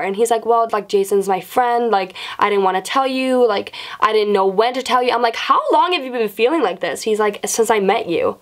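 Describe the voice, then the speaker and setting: Animated young woman telling a storytime. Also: brisk, few pauses. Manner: animated, swears often, acts out quotes in a higher voice. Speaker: vlogger. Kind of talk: casual storytime.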